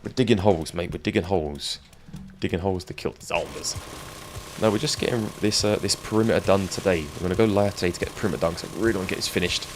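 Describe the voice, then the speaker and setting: A man's voice: deep voice, very fast, few pauses, low-quality recording. A man chatting and joking with viewers while he streams a game. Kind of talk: live gameplay stream chat. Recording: game sound noise behind.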